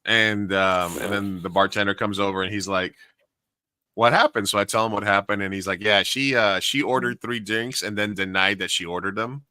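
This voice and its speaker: A man co-hosting a casual podcast, telling an animated story and acting out the voices of the people in it. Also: on the low side, fairly quick, few pauses, clear, resonant tone, no room sound. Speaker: podcast co-host and karaoke host.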